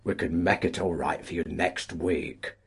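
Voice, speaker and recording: A man voicing a suave union paymaster, smooth and placating, with a breathy voice. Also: deep voice, fairly even intonation, unhurried, exaggerated voice.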